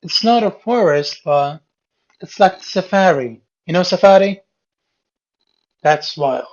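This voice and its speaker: A male teacher talks through quiz answers at an unhurried, deliberate pace, saying key words again and again until they stick. His voice comes through a dull, lo-fi classroom recording. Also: high voice, lively intonation. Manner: repeats key words patiently, explaining step by step. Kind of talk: going over a reading quiz with a class.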